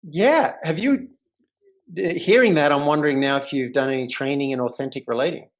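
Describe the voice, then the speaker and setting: A man's voice: on the high side, fairly quick. A man, a life coach, telling a story as the guest in a casual remote interview. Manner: animated, vivid storyteller. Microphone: remote call.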